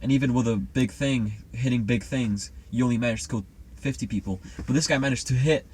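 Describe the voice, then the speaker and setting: A man's voice: medium pitch, a little fast, darkish tone. A man chatting casually and rambling confidently through a conspiracy theory. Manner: rambling, self-assured. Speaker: co-host.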